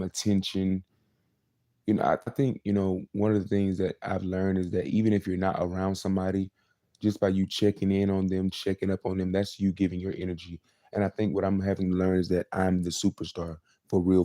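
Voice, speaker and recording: Man, 20s, host; low, dark, flat monologue, circles back and repeats himself. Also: no echo, studio quality. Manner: rambling and repetitive, many fillers. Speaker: host of his own live show. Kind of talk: casual confessional monologue.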